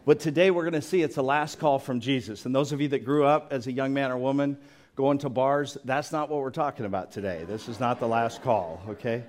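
A man's voice: mid-range voice, fairly quick. A middle-aged man preaching a sermon as pastor, chatty and joking, with frequent laughs.

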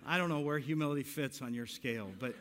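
A man in his sixties preaches with a storyteller's energy. He pokes fun at himself between points and laughs through his lines. His pitch sits in an ordinary middle range for a man. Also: fast, fairly bright tone. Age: 60s. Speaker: pastor. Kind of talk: sermon with personal storytelling.

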